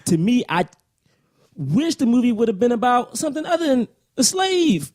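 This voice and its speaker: A man's voice: extremely high pitch, lively intonation, moderate pace, a little mellow. A man co-hosting a podcast, joking around and talking earnestly in casual banter. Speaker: podcast co-host.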